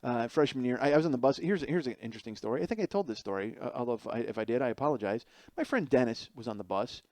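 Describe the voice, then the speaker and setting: A man's voice: medium pitch, animated, very fast, darkish tone, no echo. A man in his forties telling a rambling, self-mocking comic story as a podcast host. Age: 40s. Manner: rambling, self-mocking, acts out voices in anecdotes. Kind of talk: comedic storytelling monologue.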